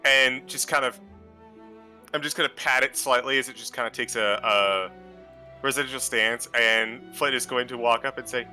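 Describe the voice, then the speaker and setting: Bright, laid-back man playing a tabletop game. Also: medium pitch, normal speed, soft background music. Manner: laid-back, describing his character's actions. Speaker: player. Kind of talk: casual tabletop play.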